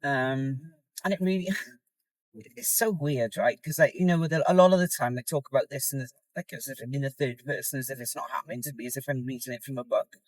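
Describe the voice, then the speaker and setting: A middle-aged woman chats casually to her phone camera, rambling and open, sometimes dropping soft and tired. Her voice sits close and dry, with no room sound around it. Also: extremely low pitch, fairly quick, dry recording, low-quality recording. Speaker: competitor vlogging her contest prep. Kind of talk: casual vlog chat. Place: in a car.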